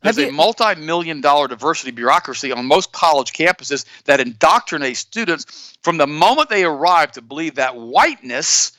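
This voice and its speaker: A man hosting a talk radio show, telling stories and commenting on the news to his co-host in an animated, repetitive way. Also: a little high, brisk, no room sound. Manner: storytelling, animated, repeats himself; addresses co-host directly.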